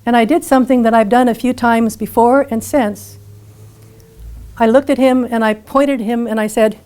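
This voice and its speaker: A woman's voice: a little high, steady tone, moderate pace, darkish tone. A woman speaker retelling a personal story to an audience, vivid and dramatic. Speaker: featured speaker.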